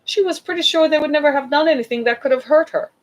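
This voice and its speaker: A woman's voice: sits high, fast, low-quality recording. A woman giving an impassioned talk to an audience, urgent and exhorting, repeating her points for emphasis. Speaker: speaker addressing an audience.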